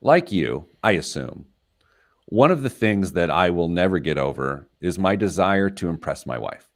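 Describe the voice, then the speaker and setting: A man's voice: sits low, very animated, moderate pace. A man hosting a radio talk show, telling stories about himself in a casual, self-mocking way. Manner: self-deprecating storyteller, laughs at himself. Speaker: radio show host, financial planner.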